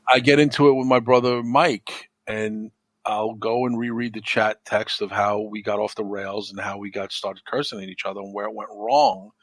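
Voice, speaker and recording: A man's voice: mid-range voice, fairly bright tone, no echo. A man chatting as a podcast guest, telling stories with plenty of swearing and acting out the arguments he quotes. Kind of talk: casual chat.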